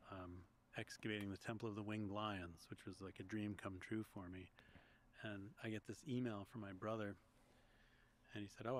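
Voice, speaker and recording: A man's voice: on the low side, a bit bright, slight background noise. A man from Long Island being interviewed as a guest, talking through his story in a reflective, storytelling way with small restarts. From Long Island, United States. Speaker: guest, history podcaster and author. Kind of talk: conversational interview.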